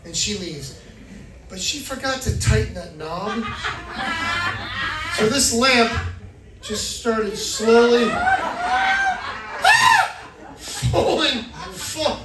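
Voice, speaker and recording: A man doing stand-up, telling a self-mocking story with animated energy. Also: high voice, slow pace, pauses often, far from the mic, very noisy. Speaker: stand-up comedian. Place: comedy club, indoors. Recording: roomy club from afar, loud crowd. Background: audience laughter.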